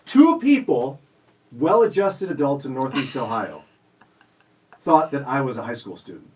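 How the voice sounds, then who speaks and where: A man's voice: mid-range voice, expressive, moderate pace, a little mellow, far from the mic, a little hiss or hum, poor audio. A man in his forties hosting a radio show, telling stories in a jokey, self-teasing way. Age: 40s. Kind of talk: casual studio chat. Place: radio studio.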